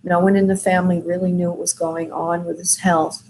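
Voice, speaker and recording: A woman hosting a call-in show as a spirit medium, talking gently and soothingly to callers, with many fillers. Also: fairly low pitch, little pitch movement, fairly quick, a little hiss or hum, low-quality recording. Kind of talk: call-in reading, soft and consoling.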